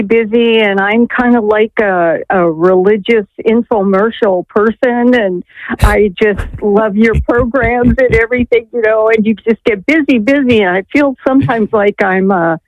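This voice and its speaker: A woman's voice: fairly high pitch, dry recording. A woman from Maine calling in to a radio show, telling a story earnestly and rambling with many fillers over a phone line. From Maine, USA. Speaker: caller. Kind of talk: call-in testimony.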